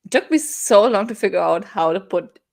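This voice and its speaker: A woman guest in a casual chat, speaking haltingly and restarting her sentences. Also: medium pitch, animated, gravelly, darkish tone. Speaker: guest co-host.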